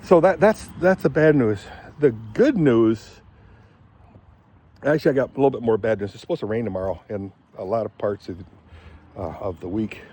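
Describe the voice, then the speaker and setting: A man's voice: lowish voice, moderate pace, dark tone, slight background noise. An older man from Michigan chatting in a meandering vlog, full of fillers, talking to his animals around the house and horse stalls, recorded on a handheld phone. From Michigan, USA. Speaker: vlogger. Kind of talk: rambling casual vlog.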